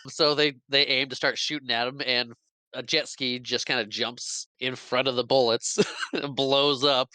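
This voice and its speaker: A podcast host with a medium-pitched, steady, sharp-toned voice speaks unhurriedly, retelling a film's plot in casual chat and laughing as he acts out the characters' lines. The audio is poor, though there's no echo.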